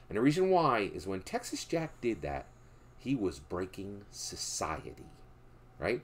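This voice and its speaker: A man's voice: wildly swooping pitch, unhurried. A man from Philadelphia giving casual storytelling political commentary, emphatic and tagging sentences with "right?". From Philadelphia, USA. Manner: tags nearly every sentence with a questioning "right?"; emphatic, drops low and quiet for moral points.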